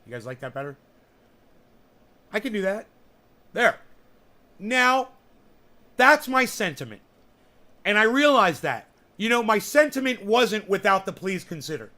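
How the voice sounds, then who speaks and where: A man chatting casually as host of his own show, rambling from point to point and swearing freely. His voice sits high for a man, with a bright, sharp edge. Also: big pitch swings, a little slow, pauses often. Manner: rambling, profane, blunt. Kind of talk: casual chat.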